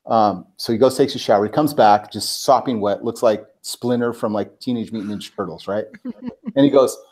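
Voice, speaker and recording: A man, a guest on a talk show, telling a personal story in casual, animated talk, full of filler words and acted-out quotes. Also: on the low side, normal speed. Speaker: guest, personal branding expert.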